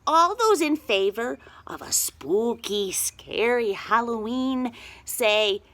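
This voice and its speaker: A cackling, squawking old witch from a storybook, high and shrill. Her voice leaps about wildly and sounds sharp and bright. She chants her spells and commands in a slow, drawn-out way. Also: very animated, no echo, heavily acted. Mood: bossy squawk.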